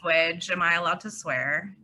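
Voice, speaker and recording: A woman in her thirties from Pittsburgh, a guest chatting casually and articulately in an interview. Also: fairly low pitch. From Pittsburgh, USA. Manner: lively, articulate, quick to laugh. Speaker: guest, communications consultant and tarot reader.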